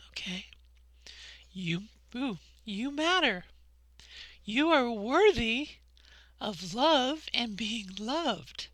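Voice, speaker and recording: A middle-aged woman speaks to her camera in an impassioned, conversational monologue. She talks slowly with a slightly raised pitch, often pausing to ask "okay?". The recording is dry and close, with no room sound. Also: lively intonation, fairly bright tone, no echo. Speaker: vlogger. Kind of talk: personal monologue.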